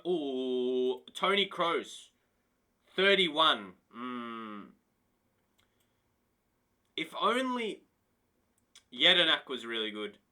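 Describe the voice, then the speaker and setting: A man live-streaming a football management game, chatting to his viewers and exclaiming in disbelief. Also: a little high. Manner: excitable, talks to chat, laughs and exclaims in disbelief. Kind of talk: casual live-stream commentary.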